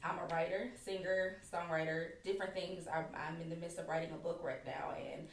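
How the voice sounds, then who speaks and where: A woman's voice: on the low side, fairly even intonation, a little fast. A woman speaking as a podcast guest, candidly telling her own personal story in a casual way. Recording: echoey room, far from the mic, faint background noise.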